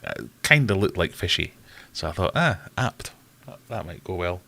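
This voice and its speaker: Chatty man, lowish voice. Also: animated, brisk, vocal fry, bright, forceful tone. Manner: self-deprecating, chatty, greets viewers by name. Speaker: host of a live stream. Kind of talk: casual live-stream chat.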